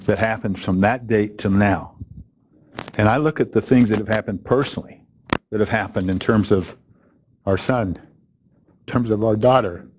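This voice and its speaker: A man's voice: fairly low pitch, darkish tone, slight background noise. A middle-aged man telling a story to a live training audience, chatty and conversational, with fillers and self-corrections. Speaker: speaker opening a training event. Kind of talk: storytelling keynote talk.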